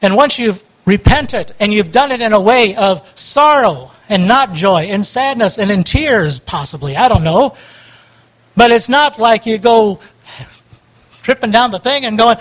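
A man preaching a sermon, emphatic and swinging between loud urging and quiet pleading prayer. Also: high voice, expressive, unhurried, rough recording.

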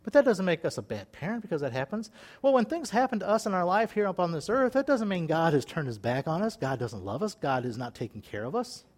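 A middle-aged man preaching an informal sermon in a folksy, animated way, often laughing and acting out voices. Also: sits high, fast talker.

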